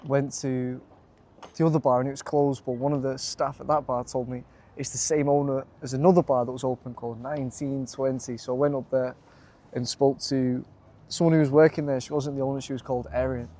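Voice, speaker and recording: A young Lancashire man talks straight into a handheld camera in a casual, excitable vlog. His voice sits at an ordinary middle pitch, and he keeps calling the viewer mate. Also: brisk. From North West England. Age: young adult. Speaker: vlogger pitching to bars.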